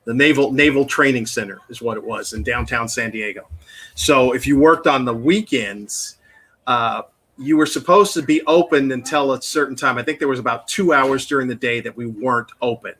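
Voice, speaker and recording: A man's voice: mid-range voice, normal speed, a bit bright, breathy edge. A man co-hosting a casual chat, chatty and laughing along. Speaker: co-host.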